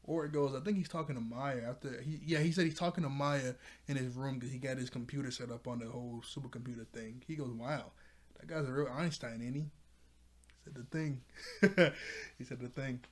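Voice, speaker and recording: A man talking through a show recap in a loose, rambling way. His voice sits at an ordinary middle pitch. He keeps breaking into laughter and filling gaps with "you know" and "like". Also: fairly even intonation, a little fast. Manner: rambling, laughs often, paraphrases characters loosely. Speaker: show reviewer. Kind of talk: casual episode recap.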